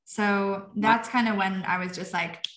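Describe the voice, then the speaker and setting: A woman's voice: medium pitch, steady tone, unhurried, a bit bright. A woman guest in a candid interview who talks with fiery energy, swears freely and fills her speech with "like". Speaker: guest, coach. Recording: roomy echo.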